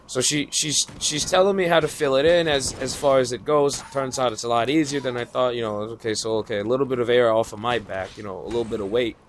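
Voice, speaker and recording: A man's voice: medium pitch, fast, hardly any pauses. A man rants casually about his day in a mid-range voice, frustrated and rambling, dropping curses and starting sentences over. A faint hiss sits behind him. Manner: frustrated, profane, rambling with restarts. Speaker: new data entry worker. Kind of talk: casual venting monologue.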